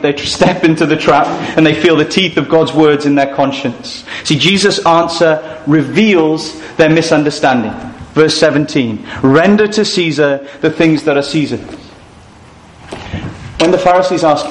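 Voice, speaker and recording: Earnest preacher in an echoey hall. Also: male voice, fairly high pitch. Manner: earnest, illustrative storytelling, rhetorical questions. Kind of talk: sermon. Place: hall at a family camp. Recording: echoey room, faint noise.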